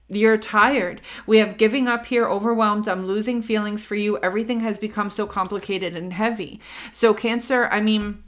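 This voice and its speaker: Chatty woman giving a tarot reading. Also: medium pitch. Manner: chatty and animated, many fillers, acts out quotes. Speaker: tarot reader. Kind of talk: casual spoken tarot reading.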